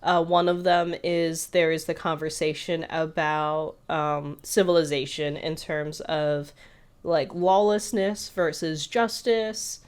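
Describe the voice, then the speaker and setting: A woman's voice: low voice, takes it slowly, clear, resonant tone. A woman co-hosting a podcast, telling a story in a rambling, casual way with lots of fillers. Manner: rambling with many fillers, animated retelling. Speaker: podcast co-host.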